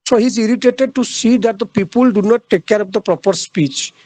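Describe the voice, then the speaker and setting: A man giving a literature lecture, speaking haltingly, pausing often on "uh" and repeating his key phrases for emphasis. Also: sits high, mellow, no room sound, rough recording. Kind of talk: classroom lecture.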